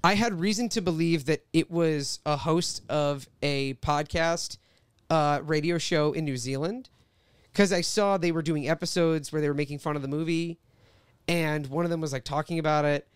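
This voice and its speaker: A man in his twenties, a podcast guest, telling an animated story and reading out old posts. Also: fairly high pitch, moderate pace, clear, resonant tone, no room sound. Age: 20s. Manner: animated storytelling, quoting tweets. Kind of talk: casual podcast chat.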